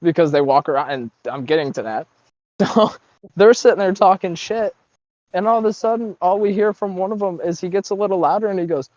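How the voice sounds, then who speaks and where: A high-voiced man telling rambling, profane boot camp stories with frequent laughter. His voice sounds close and dry, like a desktop mic in a small room. It's a casual chat among friends. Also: a little fast, a little mellow, no echo, lo-fi sound.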